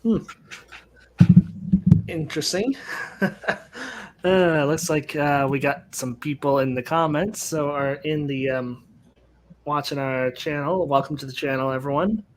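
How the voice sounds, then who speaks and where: Slow, laid-back male host. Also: fairly high pitch. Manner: laid-back, laughing easily. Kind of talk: casual chat.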